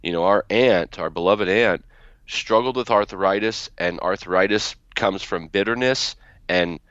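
Podcast guest, man with a very deep voice, rambling storyteller, dry and dull-sounding lo-fi recording. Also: measured pace, fairly bright tone, no echo. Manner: storytelling, frequent restarts. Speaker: guest author. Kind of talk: podcast interview.

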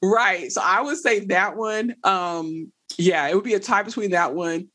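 An animated woman chats as a podcast guest. Her voice sits at a middle pitch and often jumps up when a story gets funny. She laughs her way through her stories. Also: unhurried. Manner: animated, laughs while telling stories, Southern slang. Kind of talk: casual conversation.

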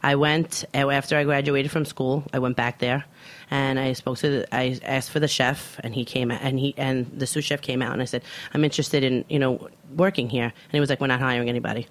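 Woman, 30s, from Brooklyn, chef, casual interview, lively storyteller, acts out dialogue. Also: very deep voice, normal speed. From Brooklyn, New York, USA. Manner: animated storyteller who acts out quoted dialogue. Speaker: chef, guest.

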